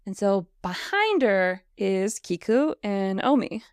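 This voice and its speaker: A woman's voice: mid-range voice, big pitch swings, takes it slowly, clear, resonant tone, no echo, studio quality. A woman co-hosting a podcast, casually and animatedly recapping a TV episode, laughing often. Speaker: podcast co-host.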